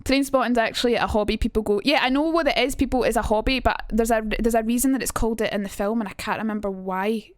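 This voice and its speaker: A woman's voice: on the high side, steady tone, fast talker, hardly any pauses, no room sound, studio quality. A young woman chatting casually on a live stream, rambling and cutting herself off. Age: young adult. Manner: chatty, rambling, self-interrupting.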